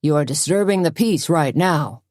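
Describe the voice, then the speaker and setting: Lady voicing a gruff sheriff guy, bossy warnings, deep-ish. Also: unhurried, no room sound, clean studio sound. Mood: stern. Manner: stern, commanding, calm warnings. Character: gruff middle-aged male small-town sheriff.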